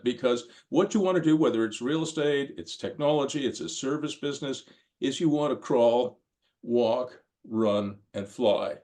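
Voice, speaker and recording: A man's voice: medium pitch, darkish tone. Older man giving a rambling lecture. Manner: rambling storyteller, frequent ums and restarts. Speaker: course lecturer. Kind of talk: conversational lecture with anecdotes.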